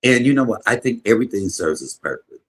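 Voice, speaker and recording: A man in his fifties, a comedian streaming a casual chat and telling emotional, rambling stories with sudden loud bursts. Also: medium pitch, expressive, fast, breathy edge. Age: 50s. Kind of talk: casual livestream chat and storytelling.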